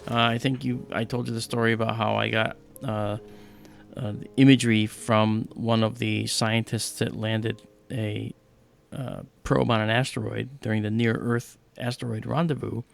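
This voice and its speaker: A man's voice: lowish voice, level tone, normal speed, creaky. A man hosting a casual livestream, telling stories in a loose, rambling way with lots of fillers. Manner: rambling storyteller with many fillers. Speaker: livestream host.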